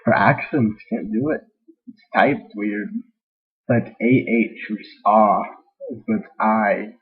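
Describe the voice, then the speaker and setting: A man's voice: lowish voice, fairly even intonation, slow pace. A man reading fan fiction aloud in a casual way, with self-deprecating, joking asides. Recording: dull lo-fi recording.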